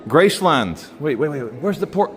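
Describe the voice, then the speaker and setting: A man's voice: a little high, sing-song, moderate pace, a bit bright, soft background music. A man talking casually to camera as he walks around and tries food, rambling along with plenty of fillers. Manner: chatty, rambling with many fillers. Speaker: travel vlogger. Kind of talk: casual walking vlog commentary. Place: indoor shopping centre, then outdoor bench. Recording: faint background noise.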